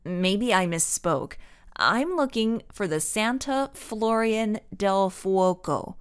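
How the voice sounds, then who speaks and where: A woman voicing a polite, quick-witted young detective girl in a storybook, enunciating carefully. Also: mid-range voice, animated, clear, resonant tone. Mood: polite, puzzled.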